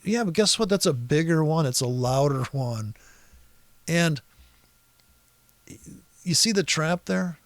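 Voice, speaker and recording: A man with a somewhat high, gravelly voice talks through a price chart on a screen recording. He is exasperated and sarcastic, swears freely and rambles through restarts and asides. The sound is dry and close. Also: no echo.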